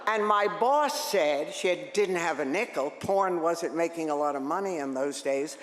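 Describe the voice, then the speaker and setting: An older woman, a radio host, telling lively, joking stories to an audience. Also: sits low, moderate pace, a little hiss or hum. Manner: lively, joking, animated storytelling. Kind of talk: storytelling talk to an audience. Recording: echoey hall with long reverb.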